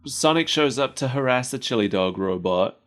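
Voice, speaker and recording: A man's voice: mid-range voice, animated, normal speed, fairly bright tone. A man co-hosting a podcast, chatting casually and laughing often between wry asides. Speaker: podcast co-host. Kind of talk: casual chat.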